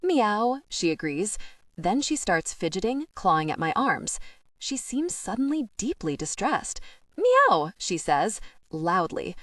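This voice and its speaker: A woman reading a first-person audiobook with expressive, lively narration. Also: lowish voice, measured pace, no room sound, clean studio sound.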